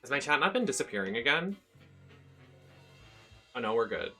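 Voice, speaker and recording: A man giving live commentary on a video game, excitable and profane, shrieking when thrilled. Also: medium pitch, moderate pace, slightly rough. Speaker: streamer. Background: faint game music.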